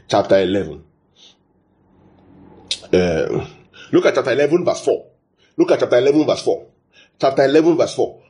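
A man's voice: medium pitch, normal speed, long pauses. A man from Nigeria preaching a sermon, repeating phrases and quizzing his listeners. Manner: lively, asks the audience questions, repeats phrases.

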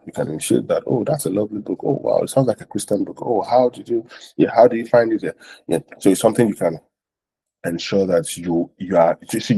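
Low husky man teaching evangelism. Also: warm tone. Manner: repetitive, asks "right?" often, acts out street lines. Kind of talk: informal teaching talk.

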